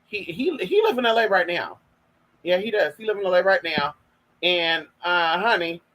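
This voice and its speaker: Sassy high-voiced man, lively and husky. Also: rough recording. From Northern California. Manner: sassy, profane, gossipy, addresses viewers as girl and y'all. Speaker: vlogger. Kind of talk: casual storytelling monologue.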